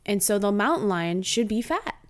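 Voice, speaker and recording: A woman's voice: medium pitch, normal speed. Chatty woman podcast co-host. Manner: animated, laughs while retelling. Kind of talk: casual chat recapping a TV episode.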